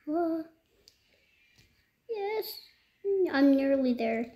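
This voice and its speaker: A woman giving casual gameplay commentary, excitable and easily frustrated, swinging between loud outbursts and whispers. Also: sits high, extremely slow, a little hiss or hum. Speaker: gaming video creator.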